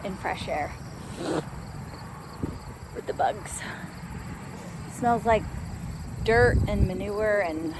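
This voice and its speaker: A woman's voice: medium pitch, takes it slowly, pauses often, background noise. A young woman from upstate New York chatting casually to her camera while she walks a country road, amused and laughing at herself. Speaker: vlogger. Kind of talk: casual vlog narration.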